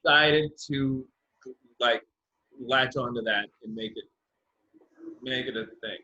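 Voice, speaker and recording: A man, a comedian guest on a video call, chatting casually, animated and incredulous. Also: takes it slowly, lo-fi sound. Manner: animated, incredulous, pitch leaping up.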